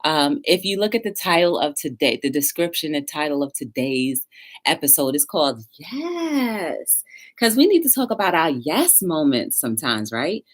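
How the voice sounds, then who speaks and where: Bubbly woman hosting a live chat show, kinda out of breath, voice bounces all over, lowish. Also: normal speed. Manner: bubbly, excitable, sings and chants along. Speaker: talk show host. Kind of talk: upbeat live-stream chat.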